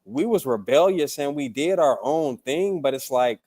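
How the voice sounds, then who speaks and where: A man's voice: on the high side, lively intonation, normal speed, warm tone. A young man from Durham, talking as a podcast guest in a laid-back, profane way, tagging lines with "you feel me". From Durham, North Carolina. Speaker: poet and musician guest. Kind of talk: casual podcast interview.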